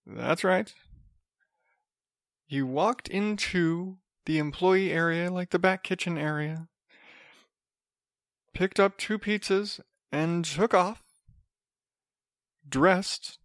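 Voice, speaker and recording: Brief: higher-voiced male podcaster, rambling and wry, dry close sound. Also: slow, long pauses, fairly bright tone, dry recording. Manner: rambling, repeats and restarts words, sarcastic asides. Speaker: podcast host. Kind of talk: casual solo podcast monologue.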